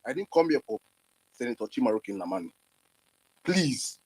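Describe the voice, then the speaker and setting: Brief: man, husky, dry and close, angry and repetitive. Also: mid-range voice, expressive, fairly quick, darkish tone, dry recording, poor audio. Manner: angry, insistent, repeats himself. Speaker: participant.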